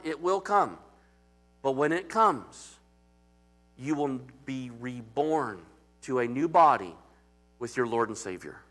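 A man's voice: on the high side, expressive, takes it slowly, fairly bright tone, faint music behind. A man preaching as pastor in a conversational, emphatic sermon that calls out to the congregation.

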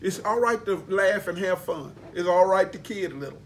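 A man's voice: high-pitched, animated, normal speed, slight background noise. A man preaching a sermon, emphatic and folksy, spelling out words for emphasis. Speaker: pastor.

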